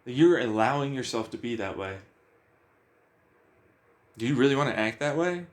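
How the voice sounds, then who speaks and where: A man's voice: mid-range voice, animated, moderate pace. Blunt, cursing man ranting. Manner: blunt, profane, questioning himself aloud. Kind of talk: casual ranting monologue.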